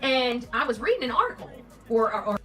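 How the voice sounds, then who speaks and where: A woman livestreamer in a rambling monologue, repeating and stumbling over words, with a put-on country drawl and a pitch that swings up and down. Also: sing-song, brisk, fairly bright tone, far from the mic, soft background music, rough recording. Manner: repetitive, stammering, pitch swings up and down.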